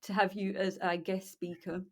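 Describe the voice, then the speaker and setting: A woman's voice: medium pitch, little pitch movement, moderate pace, gravelly. A woman co-hosting a casual podcast, enthusiastic and cheering for the guest. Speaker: podcast co-host.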